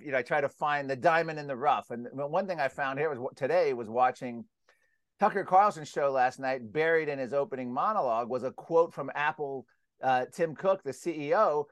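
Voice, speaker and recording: Animated, rambling American man, dry close sound. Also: fairly high pitch, no echo. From United States. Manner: animated, rambling with restarts, acts out quotes loudly. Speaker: guest, climate skeptic publisher. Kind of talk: casual interview storytelling.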